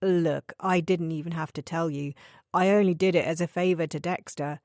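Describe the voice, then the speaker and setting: A woman's voice: on the low side, fairly even intonation, normal speed, a little mellow, no room sound, studio quality, lightly acted. A woman voicing a hesitant, officious young male police officer in an audiobook thriller. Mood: grudging.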